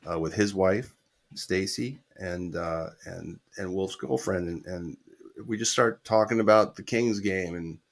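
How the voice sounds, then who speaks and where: A man's voice: sits low, measured pace, creaky. A middle-aged man, a guest musician, telling a casual anecdote with quoted dialogue and the odd swear word.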